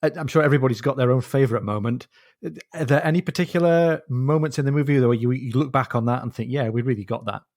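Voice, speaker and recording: A male podcast host with a mid-range voice in a casual interview. He keeps his guest talking with quick, encouraging interjections. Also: medium pitch, a little mellow.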